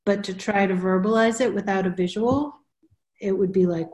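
Speaking at a medium pitch with a slightly mellow quality, this spiritual counselor talks casually with a group over video. She takes her time explaining, circles back to repeat herself often, and the room echoes noticeably.

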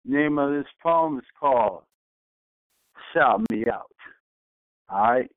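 A man's voice: medium pitch, animated, slow pace, no room sound. A man from Washington, D.C. calling in to chant a rhythmic, rap-style birthday poem with call-and-response hype. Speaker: caller performing a poem. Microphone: phone call. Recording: dry, tinny phone line.

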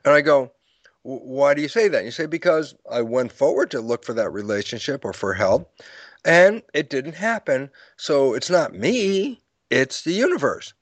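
In a conversational interview, an older man explains his ideas by acting out stories from his lectures, complete with quoted lines and plenty of laughter. His mid-range voice is lively in intonation and moves at a normal speed, recorded without echo.

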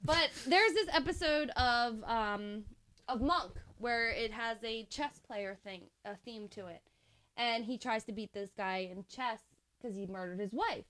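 A woman co-hosting a casual true-crime podcast, her voice sitting a little high for a woman. She jokes with her co-host and laughs readily as she talks through the case, on a studio microphone. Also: measured pace, fairly bright tone. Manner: laughs often, joking banter.

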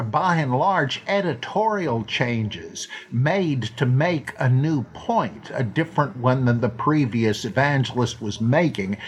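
Older man, podcast host, listener Q&A, wry, self-deprecating, rambling, mid-pitched. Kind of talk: casual scholarly podcast Q&A.

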